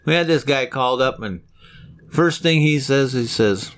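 A man's voice: medium pitch, moderate pace, fairly bright tone, clear, resonant tone. Middle-aged man, business owner, folksy storyteller, chuckling, casual interview talk.

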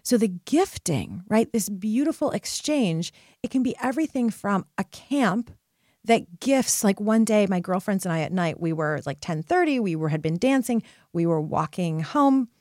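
A woman podcast host and life coach tells a personal story in an earnest, emphatic way. Her voice sits at a middle pitch and often checks in with the listener. It is recorded close and dry, with no room sound. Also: lively intonation, normal speed, darkish tone, no echo.

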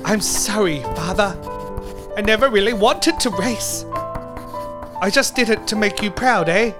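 A man's voice: high-pitched, measured pace. A man voicing a whiny young racing driver who pleads in a letter for his father's love, over a music bed. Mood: pleading. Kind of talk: comedy letter reading.

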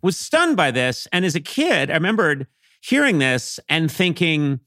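A middle-aged man from Massachusetts, a podcast guest telling comic stories with animated, playful swings into character voices. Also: on the high side, moderate pace, no room sound, clean studio sound. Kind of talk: comic storytelling.

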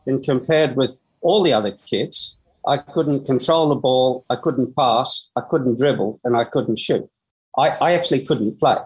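Poor audio captures a husky, mid-range voice belonging to a former Australian footballer in his sixties. During the interview he tells his story energetically, frequently restarting and using fillers.

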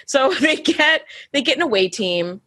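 A woman co-hosting a casual chat, with a bright, slightly husky voice. Her pitch moves all over as she talks. She laughs often and jumps into high, mocking impressions of characters. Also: expressive, a little slow. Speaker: podcast co-host.

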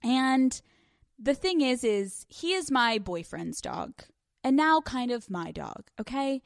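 Young woman host, brash and frank, slightly high voice, dry close mic. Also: sing-song, takes it slowly, creaky, dry recording. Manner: candid, crude, joking. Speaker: podcast host. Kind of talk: casual solo podcast chat.

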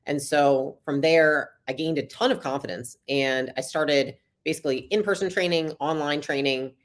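A young adult woman, a podcast guest, telling her story in a casual, chatty interview and acting out the dialogue. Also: low-pitched. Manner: fast, chatty, acts out quoted dialogue.

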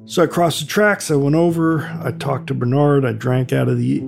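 An older man, a graffiti artist telling stories from his career in a relaxed, conversational way. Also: normal speed, vocal fry. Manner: conversational, acts out quotes with raised pitch. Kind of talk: reflective storytelling. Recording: soft music underneath.

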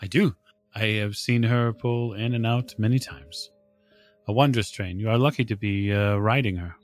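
A man plays a proud, dutiful middle-aged station sweeper with an Italian accent, raised a little higher than a low speaking voice. He talks in short, halting phrases, plain and friendly, like a figure in a tabletop role-playing game. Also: faint music behind, lightly acted.

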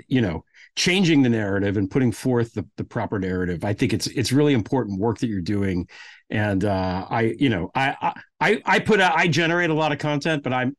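A man hosting a podcast, warmly affirming his guest and reading the show's credits and sign-off. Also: medium pitch. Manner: friendly, affirming, reads credits. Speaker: podcast host. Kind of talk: interview and show outro.

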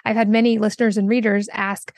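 A woman's voice: mid-range voice, level tone, fast talker, darkish tone, no echo, clean studio sound. A woman hosting a podcast interview, asking long, thoughtful questions in a fluent, flowing way. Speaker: podcast host.

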